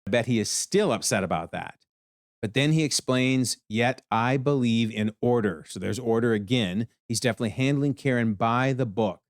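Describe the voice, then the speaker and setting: A man giving an animated TV episode breakdown, exclaiming often as he comments. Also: mid-range voice, brisk, no room sound, studio quality. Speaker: video commentator.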